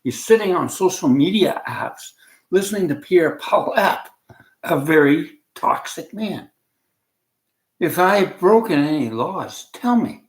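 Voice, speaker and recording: A man rants to camera in a rambling, agitated way, often dropping a sentence halfway through. His voice swings widely in pitch. The room around him sounds bare and echoey. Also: lively intonation, unhurried. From Canada.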